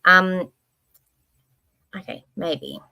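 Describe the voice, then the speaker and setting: A woman's voice: lowish voice, level tone, drawn-out words, vocal fry, sharp tone, clear, resonant tone. A woman hosting a casual livestream. She rambles from one thought to the next with lots of expression and a casual swear here and there. Now and then she reads comments from her chat aloud. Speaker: livestream host.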